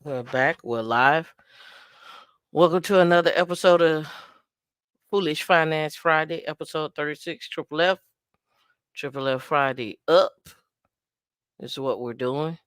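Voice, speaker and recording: Lady hosting a live stream, playful and chatty, lowish smooth voice, dry sound. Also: measured pace, long pauses, dry recording. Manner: playful, sings and imitates dancehall sounds. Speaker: host. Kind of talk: casual livestream chat.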